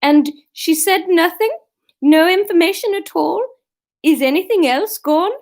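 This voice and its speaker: A woman's voice: extremely high pitch, a little slow, pitched above the performer's own voice. A woman voicing an anxious young heroine with a put-on Swedish accent, asking urgent questions.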